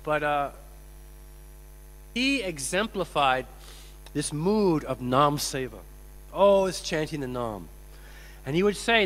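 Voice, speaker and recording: A man giving a sermon as a swami, telling stories in an animated way and acting out the quotes. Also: fairly high pitch, slow, pauses often. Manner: animated, acts out quotes, laughs. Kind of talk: sermon with storytelling. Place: temple hall. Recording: echoey hall with mains hum.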